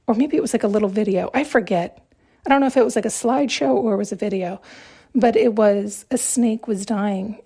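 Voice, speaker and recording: Her voice is a little high and warm as she hosts a podcast. In a reflective spiritual monologue, she talks conversationally and presses her points with rhetorical questions.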